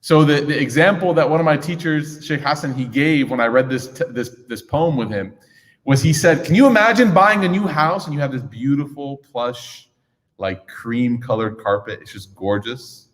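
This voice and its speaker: A man's voice: medium pitch, lively intonation, normal speed. Joking man teaching in an echoey hall. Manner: casual, joking, acts out little scenes. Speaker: religious teacher. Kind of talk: lively talk to a young audience. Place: large echoing hall.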